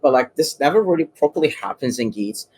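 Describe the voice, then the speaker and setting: A man's voice: fairly high pitch, expressive, fairly quick, a little mellow. A man in casual chat, laying out his thoughts in long, rambling stretches. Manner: thoughtful, rambling with "you know".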